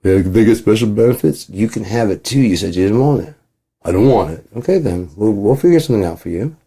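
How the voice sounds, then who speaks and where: A man's voice: lowish voice, lively intonation, quick pace, mellow, husky. A man rambling in a casual monologue, profane, acting out both sides of imagined conversations. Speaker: channel host.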